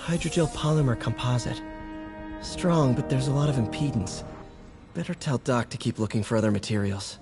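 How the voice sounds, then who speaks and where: A man's voice: mid-range voice, moderate pace, music in the background, lightly acted. An actor playing a wry, joking young male superhero. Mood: thoughtful.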